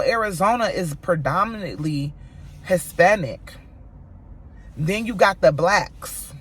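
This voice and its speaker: A woman telling a storytime vlog to her viewers, animated and profane, acting out what others said. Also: medium pitch, husky. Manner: animated, profane retelling, voicing quoted people; talks straight to viewers as "y'all". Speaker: mom vlogger.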